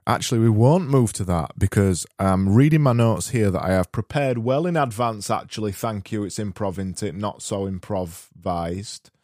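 Male podcast host, lowish voice, rambling self-interrupting comic delivery. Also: moderate pace, hardly any pauses, darkish tone, dry recording, clean studio sound. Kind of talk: comic podcast banter and spoof advert.

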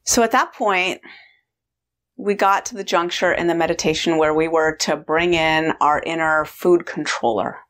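A woman's voice: sits low, moderate pace. A woman in her forties telling a personal story on her vlog, acting out the voices as she goes. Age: 40s. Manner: animated storyteller acting out dialogue. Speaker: vlogger, weight-loss coach.

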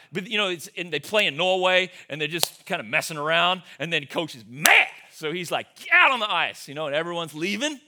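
A male pastor delivering a sermon in an animated, conversational storytelling style. His voice is high-pitched and bright.

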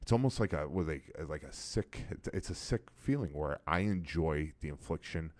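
A man in his forties from the Chicago area, casually reminiscing about his college football days with an old teammate, animated and repeating phrases as he tells stories. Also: very deep voice, moderate pace, no room sound. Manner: animated storyteller, repeats phrases, many restarts. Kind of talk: casual chat.

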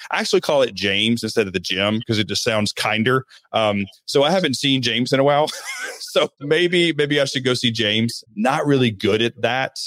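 A man's voice: on the low side, a bit bright, dry recording. A man speaking as a podcast guest in casual chat, candid and earnest, with self-deprecating humor.

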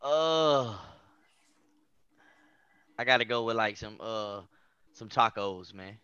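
A man's voice: lowish voice, animated, slow pace, pushed and bright, smooth, no echo, lo-fi sound. A man in a casual group chat, telling laid-back stories and swearing casually.

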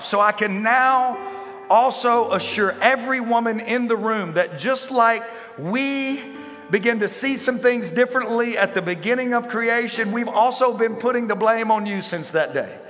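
A man with a high, bright voice preaches a sermon, working up to fervent shouting and stacking question on question. His voice rings out through a large hall with a long reverb tail. A faint instrument plays softly behind him. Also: normal speed, faint music behind. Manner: builds to impassioned shouting, repetitive rhetorical questions. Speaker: pastor.

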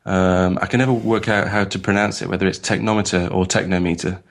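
A man's voice: sits low, fairly even intonation, fast talker, creaky. A man co-hosting a podcast in a casual, rambling, self-mocking way, with many fillers and restarts. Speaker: podcast co-host.

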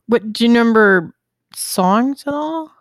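Woman podcast co-host, unhurried, short reactions, dry close sound. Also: on the high side, lively intonation, dry recording. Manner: slow, reacting with short interjections. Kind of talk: casual chat.

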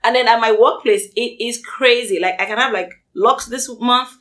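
A woman's voice: fairly high pitch, normal speed, fairly bright tone. A woman and college student chatting playfully in a casual round-table talk. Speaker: student club member.

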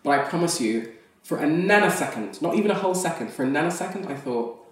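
Recorded from a distance in a very echoey room, a woman speaks quickly in an expressive, lowish voice. She's an actress guesting on a podcast, frankly and animatedly telling a personal story with frequent laughter.

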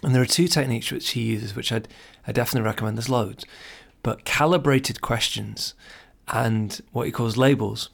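A man's voice: medium pitch, steady tone, normal speed, vocal fry, fairly bright tone. A man hosting a podcast, giving earnest, encouraging advice straight to the listener in a casual monologue. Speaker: podcast host.

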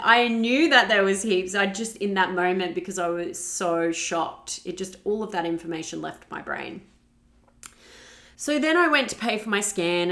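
Podcast host, young woman, low gravelly voice, candid emotional storytelling. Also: a bit bright. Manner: candid, emotional, acts out her own past words. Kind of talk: personal storytelling.

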